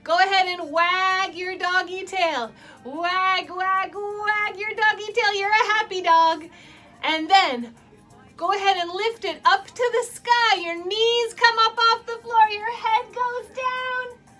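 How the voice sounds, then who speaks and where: A woman's voice: extremely high pitch, fairly even intonation, slow, sharp tone, faint music behind. A woman teaching children a dance storytime from her basement, playful and encouraging, laughing often and making animal sounds. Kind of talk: guided movement storytime for kids. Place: home basement.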